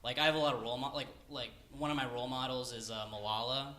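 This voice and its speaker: A man's voice: mid-range voice, steady tone, fast talker, sharp tone. Rambling young stand-up comedian, man. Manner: casual, rambling, heavy filler "like". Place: comedy stage before a live audience. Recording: live venue with background noise.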